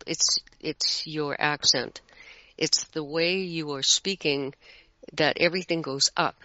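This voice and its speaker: Middle-aged guest, animated, casual conversation, bright tone, dull lo-fi audio. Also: medium pitch, no echo. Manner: animated, explains with spoken examples.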